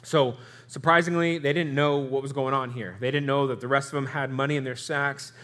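A man's voice: medium pitch, fairly even intonation, brisk, fairly bright tone. A young man preaching a Bible sermon as a pastor, conversational, with restarts and rhetorical questions.

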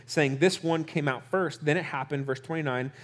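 Guy preaching, slightly high voice, acts out the story people, chats with the crowd. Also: moderate pace. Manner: animated, acts out quotes in character voices; conversational, asks the audience questions. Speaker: pastor. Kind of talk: sermon.

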